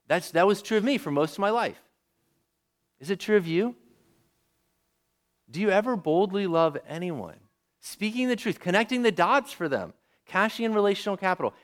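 Lively male preacher asking questions. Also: high-pitched. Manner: lively, asks the audience questions. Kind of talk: sermon.

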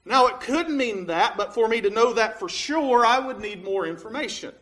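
Bright-voiced man teaching a Bible lesson. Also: extremely high pitch, lively intonation, normal speed. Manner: plain, reasoning step by step with many fillers. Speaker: preacher.

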